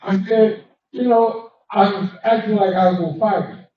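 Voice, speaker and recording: A man's voice: steady tone, normal speed. A man doing a live stand-up set, telling stories and acting out the people in them with sudden jumps in his voice. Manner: storytelling, acting out quoted characters with sudden pitch jumps. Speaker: stand-up comedian. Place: cigar lounge comedy stage. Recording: distant, roomy, dull live-stream audio.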